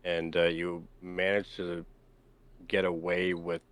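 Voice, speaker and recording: A man's voice: deep voice, completely flat delivery, takes it slowly, a bit bright. A young man from Canada, a podcast guest, giving short, hesitant replies. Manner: brief, hesitant replies with filler. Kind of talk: casual chat.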